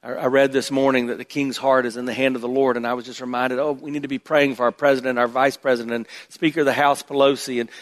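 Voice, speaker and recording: A man pastor preaching a sermon, swinging from loud emphatic bursts to hushed low asides. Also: flat delivery, fast, hardly any pauses. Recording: long hall reverb.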